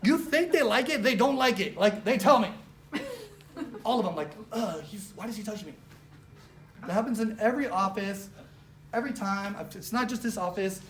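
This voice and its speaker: A woman giving a casual motivational training talk to a live office audience, animated and chatty, filling her speech with "like" and acting out little quotes. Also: medium pitch, fairly quick. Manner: animated, chatty, heavy use of "like", acts out quotes. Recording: roomy live room with faint noise.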